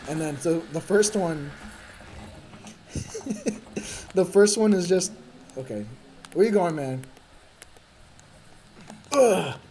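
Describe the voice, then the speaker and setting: A man's voice: high-pitched, expressive, drawn-out words, long pauses, mellow, a little hiss or hum. A man streaming a game, telling a rambling, profane story with frequent laughs. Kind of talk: casual gaming chat.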